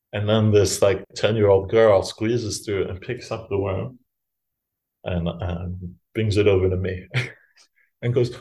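Middle-aged man, monk's talk, lowish voice, relaxed storytelling, self-mocking, laughs. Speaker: Buddhist monk teacher.

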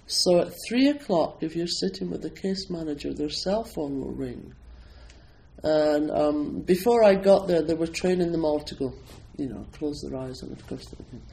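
A man's voice: fairly high pitch, normal speed, vocal fry, dark tone, low-quality recording. A Scottish man, a Zen priest and meditation teacher, giving an informal talk to an audience in a chatty, self-deprecating way, with plenty of ums and you-knows. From Scotland.

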